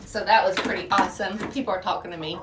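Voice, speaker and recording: A homesteading vlogger talks casually to camera while doing chores outdoors by a chicken coop, laughing often as chickens and a rooster make noise around her. She's a fast talker with a medium-pitched voice and fairly even intonation.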